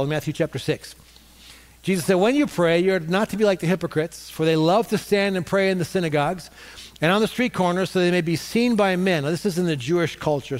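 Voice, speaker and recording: A man preaching a sermon as pastor, repeating key points for emphasis with occasional fillers. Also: fairly high pitch. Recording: long hall reverb.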